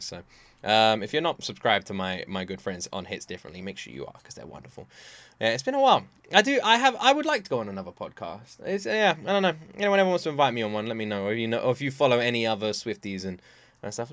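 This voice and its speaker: A man hosting a casual reaction video, excitable and laughing often, with rambling restarts. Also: fairly low pitch, dry recording. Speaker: reaction channel host.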